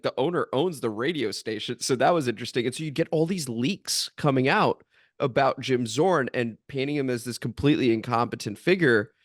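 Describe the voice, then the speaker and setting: A man's voice: mid-range voice, no echo, studio quality. A man co-hosting a casual sports podcast in an easygoing way, laughing often. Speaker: podcast co-host.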